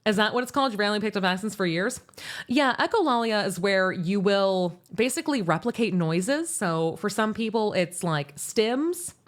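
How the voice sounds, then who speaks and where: Rambling, animated woman streamer. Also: mid-range voice, moderate pace. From United States. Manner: rambling and animated, with many restarts and laughs. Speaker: VTuber streamer. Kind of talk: casual livestream chat, answering chat.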